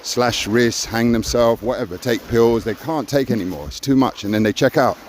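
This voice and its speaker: A man's voice: medium pitch, moderate pace, slight background noise. Man in his sixties, emphatic storyteller. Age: 60s. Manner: emphatic, keeps adding "see?" and acts out quoted encouragement. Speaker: co-host of a personal growth talk. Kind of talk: reflective casual conversation.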